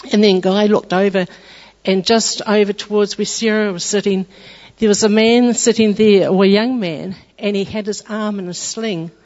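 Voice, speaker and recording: A woman giving an earnest church testimony, retelling events in a halting way with restarts. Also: mid-range voice, fairly even intonation, a little mellow. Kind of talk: testimony storytelling. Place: church hall. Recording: dull lo-fi with long hall reverb.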